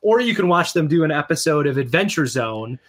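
A man with a slightly higher voice talks in a loose, chatty podcast style. He explains things at length, peppering his talk with "like" and "right?". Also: big pitch swings, a little fast, a bit bright. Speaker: podcast co-host. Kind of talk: casual chat about comics and games.

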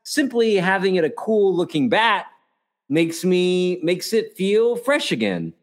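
A man's voice: high-pitched, sing-song, measured pace. A man co-hosting a casual book discussion, asking rambling, probing questions and correcting himself as he goes, and playfully laughing at himself.

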